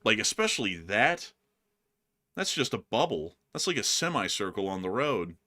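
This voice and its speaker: Meet a young man hosting a loose chat show, his voice bright and ringing as he rambles from one joke to the next. His pitch swings widely, rising and falling with each quip, and he laughs often along the way. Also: big pitch swings, normal speed. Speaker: show host. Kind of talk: casual chat.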